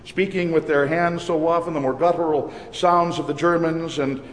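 A man from Minnesota with a Minnesotan accent, preaching a sermon as pastor in a measured, deliberate way. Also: a little high, fairly even intonation, slight background noise. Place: church. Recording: reverberant church hall.

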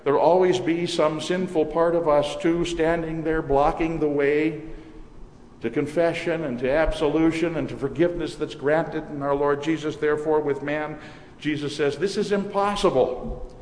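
A man's voice: fairly high pitch, fairly even intonation, moderate pace, a little mellow. Man preaching in an echoey church. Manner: dramatic storytelling with varied emphasis. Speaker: pastor. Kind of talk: sermon. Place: church sanctuary. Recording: echoey church hall, faint noise.

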